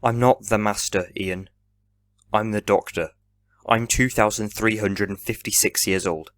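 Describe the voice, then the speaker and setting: A man's voice: on the low side, steady tone, a little slow, a bit bright, dry recording. A man voicing a cheerful, eccentric and ancient male time traveller in a fan audio drama, speaking breezily. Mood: calm.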